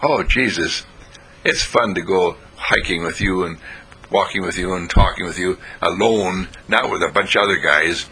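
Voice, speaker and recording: A man's voice: normal speed, bright, forceful tone, a little hiss or hum, low-quality recording. A man voicing an eager, curious male friend in a told story, asking questions in a raised voice. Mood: fond. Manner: questioning, wide-eyed, raised pitch.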